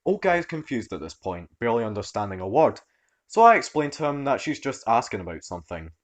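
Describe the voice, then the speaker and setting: A man narrating online stories with a mid-pitched voice that moves with lively, wide swings. His delivery is expressive and animated. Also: fast talker. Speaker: story narrator.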